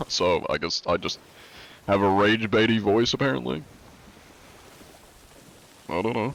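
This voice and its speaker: Laid-back low-voiced man streaming. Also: a little slow, vocal fry, long pauses, a bit bright, slight background noise. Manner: laid-back, reads chat aloud and answers it; frequent "uh" fillers. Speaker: game streamer. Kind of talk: casual live-stream chat.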